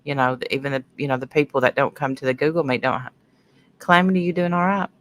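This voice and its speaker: A middle-aged woman hosts a casual livestream, sniffly from her sinuses, rambling through stories and greeting viewers by name mid-sentence. Her voice is a rumbling low, with fairly even intonation and a quick pace.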